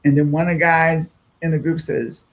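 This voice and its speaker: A man from the United States, a musician guest on a radio show, tells a long story at normal speed in a slightly high voice. He's animated, acts out quoted voices, and fills his talk with lots of "you know" and other fillers.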